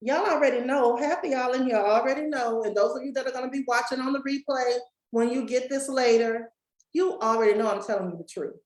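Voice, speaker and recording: High-pitched woman preaching to the crowd, echoey room. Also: a little fast, darkish tone. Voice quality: folksy, preacher-like, speaks straight to the crowd. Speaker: summit speaker and coach. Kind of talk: motivational talk to a live and online audience.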